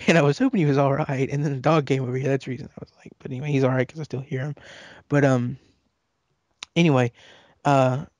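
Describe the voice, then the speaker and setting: A man co-hosting a casual podcast chat, halting and restarting his sentences and laughing often. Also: mid-range voice, no room sound. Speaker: podcast co-host.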